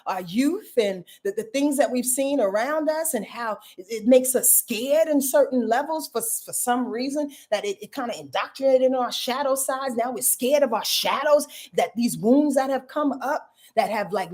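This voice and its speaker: A woman's voice: high-pitched, a little mellow. A woman astrologer giving a live reading, emphatic and talking straight to her viewers, repeating phrases and laughing at her own jokes, with features.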